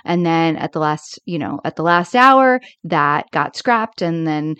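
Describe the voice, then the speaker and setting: A woman's voice: low-pitched, lively intonation, measured pace, a bit bright, clean tone, no room sound. A woman co-hosting a podcast, chatting with enthusiasm about sitcoms and using many fillers. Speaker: podcast co-host. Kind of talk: casual chat about sitcoms.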